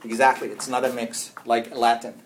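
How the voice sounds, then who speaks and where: A man's voice: medium pitch, level tone, moderate pace, slight background noise. Patient man teaching Arabic phrases. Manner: patient, explains step by step and repeats phrases. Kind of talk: informal language lesson.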